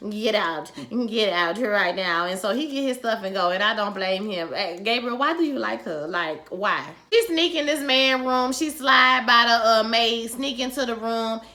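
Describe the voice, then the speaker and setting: A woman recapping a TV episode in casual vlog chat, sassy and animated, acting out the characters' lines as she goes. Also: a little high, normal speed, hardly any pauses.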